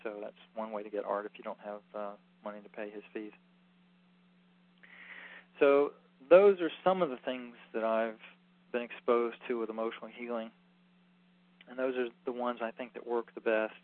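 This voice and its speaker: A man's voice: mid-range voice, fairly even intonation, normal speed, pauses often, dry recording. A man giving a rambling, earnest informal lecture as a healing workshop teacher, full of fillers. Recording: tinny phone-like recording.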